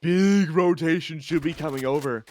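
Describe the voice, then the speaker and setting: A man casting an esports match in a goofy, excitable way. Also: a little high, normal speed, no echo. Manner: goofy, animated, joking. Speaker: esports caster. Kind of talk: excitable commentary.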